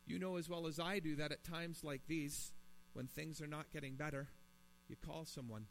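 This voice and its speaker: A man's voice: fairly high pitch, fairly even intonation, moderate pace, gravelly. A man preaching a sermon in his thirties or forties, earnest and building to emphatic pleas. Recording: long reverb in a hall, mains hum.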